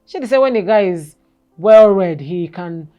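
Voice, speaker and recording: A woman in her forties, a guest telling her personal story in an interview, halting and repeating words, then turning animated. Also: medium pitch, dull audio, faint music behind.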